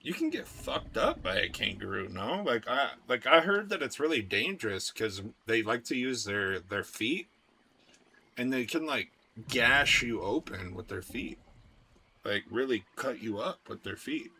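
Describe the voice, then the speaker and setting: A man's voice: medium pitch, animated, measured pace, vocal fry, pushed and bright, slight background noise. A man chatting casually with his stream viewers, rambling and laid-back, with lots of filler words and swearing. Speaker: game streamer.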